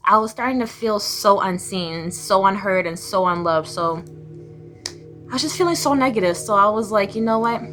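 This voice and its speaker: A woman's voice: mid-range voice, normal speed. Young woman, confessional vlogger, raw and blunt, medium voice, music bed behind. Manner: emotional, blunt, swearing, swings between raw and flat. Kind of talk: personal confessional storytelling.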